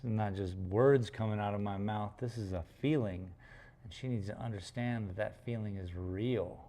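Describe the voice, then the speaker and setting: Low, mellow male painter, slow rambling live chat, jokey and profane. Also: slight background noise. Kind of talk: casual livestream chat.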